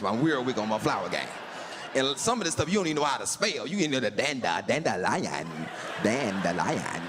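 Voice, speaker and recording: Animated comedian man telling a story. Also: fairly high pitch, long reverb tail, background noise. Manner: animated, acts out other voices in his stories. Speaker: stand-up comedian. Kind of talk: stand-up storytelling.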